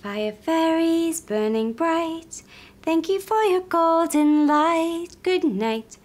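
A woman narrating a children's puppet-show story in a slow, soft and soothing way. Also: very high-pitched, expressive.

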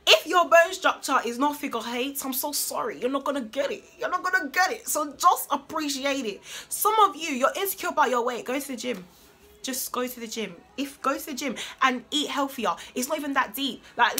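A young woman talking straight to her viewers with a bright, forceful voice that sits a little high. She speaks in an animated, emphatic way and leans into preaching at times. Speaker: beauty vlogger. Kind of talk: casual talk to camera.

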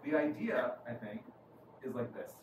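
A man's voice: medium pitch, big pitch swings, normal speed. A man with a New York accent, a rabbi giving a conversational sermon and often asking "right?" to his listeners. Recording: echoey room from far off, noisy.

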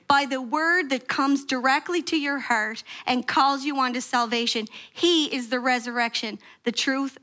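Bright, high-voiced woman preaching. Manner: animated storytelling, acting out quoted prayers with sharp pitch jumps. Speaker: pastor. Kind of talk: sermon. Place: church sanctuary.

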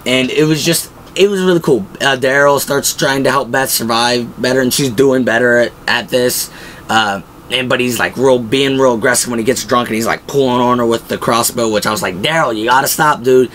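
A young pop-culture show host with a mid-range pitch enthuses about a show in relaxed, unscripted fan commentary, talking a little fast. He rambles through his points with lots of filler words, and the poor audio has a faint hiss underneath.

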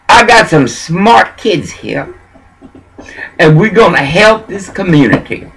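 A man's voice: on the high side, very animated, slow pace, vocal fry, pauses often, a bit bright, breathy edge, low-quality recording. A man from Texas, talking in a preachy, meandering monologue. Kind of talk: rambling monologue.

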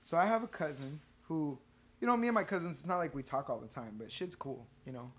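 A man co-hosting a casual podcast, telling a story in an animated, profane way. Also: fairly high pitch, quick pace. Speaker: podcast co-host, band member.

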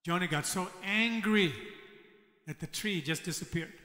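A male pastor preaches a sermon, dropping into the voices of the people in his story as he quotes them. His voice sits high and bright, with a tense edge. Long reverb from a large church hall trails behind every phrase. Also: unhurried. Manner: preaching with acted-out quotes of God and Jonah.

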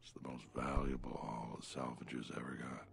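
An actor playing a gruff, blunt, middle-aged male militia captain in a video game, with a gravelly voice and a terse, world-weary manner. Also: extremely low pitch, little pitch movement, brisk, heavily acted. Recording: game audio with faint music.

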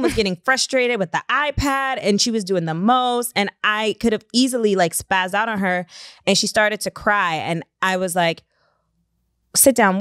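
A woman's voice: medium pitch, fairly bright tone, clean tone, no echo, studio quality. A young woman co-hosting a podcast, chatting casually and telling stories with voiced quotes. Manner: outspoken, storytelling with voiced quotes. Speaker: podcast co-host. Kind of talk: casual group chat.

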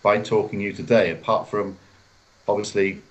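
A man with a fairly low voice answers interview questions over a video call from a hotel room. He explains in a measured, steady way and acts out short example phrases as he goes. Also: low-quality recording. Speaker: guest author and editor.

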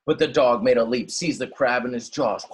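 A male teacher reading a rhyming story aloud in an expressive, sing-song way. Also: medium pitch, normal speed, husky.

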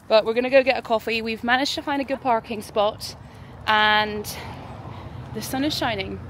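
A woman's voice: fairly high pitch, a bit bright, a little hiss or hum. Chatty young woman vlogging. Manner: chatty and bubbly, talks to her dogs in a sing-song voice. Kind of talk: casual vlog chat to camera.

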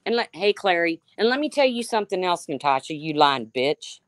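Woman with a low voice ranting on her live stream, snarky, talking back to chat, dry close sound. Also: big pitch swings, a little fast, hardly any pauses, no room sound. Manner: sarcastic, calling out a rival, answering chat by name. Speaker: livestream host. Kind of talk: confrontational livestream rant.

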